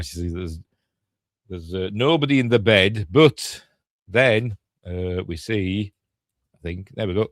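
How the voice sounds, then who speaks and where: A man's voice: deep voice, a little slow, pauses often, dry recording, clean studio sound. An older man with a Yorkshire accent, rambling casually through a film breakdown with chatty asides and self-corrections. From Yorkshire, England. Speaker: film reviewer.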